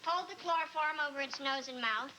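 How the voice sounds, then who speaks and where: Strict, short-tempered teacher, played by a woman; high voice, brisk delivery, noisy VHS sound. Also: natural voice. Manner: brisk, bossy. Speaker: biology teacher. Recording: noisy VHS tape of a TV broadcast.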